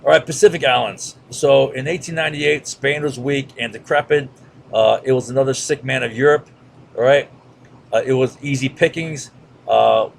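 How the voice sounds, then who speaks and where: A man's voice: mid-range voice, gravelly, a little hiss or hum. A man giving a casual history lecture over a map, with lots of fillers and "right?" checks. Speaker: history teacher.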